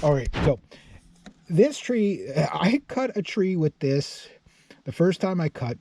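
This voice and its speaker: A man's voice: a little high, big pitch swings, slow pace, dark tone. Chatty middle-aged man rambling outdoors. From Canada. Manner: rambling, chatty, with asides and swearing. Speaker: vlogger. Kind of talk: casual walkaround explainer. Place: outdoors in a wooded yard.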